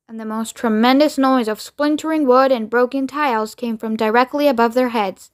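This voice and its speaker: Woman, read-aloud narration, children's storybook, steady, fairly high voice. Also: moderate pace. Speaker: reader.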